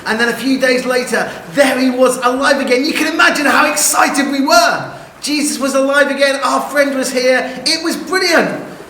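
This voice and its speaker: A man plays a remorseful but excitable fisherman disciple, his voice riding high and bright. He tells his story in vivid first person, dropping to a hush and then surging with eagerness. The sound is roomy and echoey. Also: normal speed, a little hiss or hum. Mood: solemn, then excited. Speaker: actor in a church assembly video. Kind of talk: first-person dramatic monologue.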